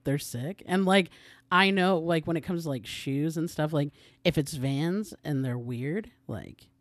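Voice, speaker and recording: A man's voice: fairly high pitch, measured pace, fairly bright tone, no echo. Rambling man, dry close voice. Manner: rambling, lots of filler words. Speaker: podcast guest. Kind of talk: casual chat.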